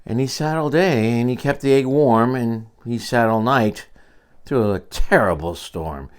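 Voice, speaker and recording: An older man reading a picture book aloud to his grandchildren, expressive, with quiet asides to the children. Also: medium pitch, unhurried. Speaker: storyteller.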